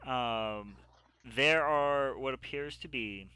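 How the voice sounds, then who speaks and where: A man running a tabletop game as game master, narrating combat in a halting way with many pauses and fillers. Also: medium pitch, pushed and bright, smooth, no room sound. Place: home setup, streamed live.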